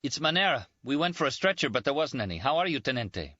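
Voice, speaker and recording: A man's voice: medium pitch, very animated, fast, bright, forceful tone, no echo, pitched above the performer's own voice. A man voicing a frightened young Italian ambulance driver who speaks urgently and apologetically, in a muffled dry recording. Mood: anxious.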